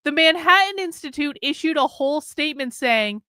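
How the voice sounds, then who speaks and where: A woman's voice: high voice, moderate pace, hardly any pauses, no room sound, clean studio sound. A woman hosting a livestream, giving casual, profane, sarcastic commentary a few beers in. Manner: profane, animated, sarcastic, mocking. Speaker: political commentary livestream host.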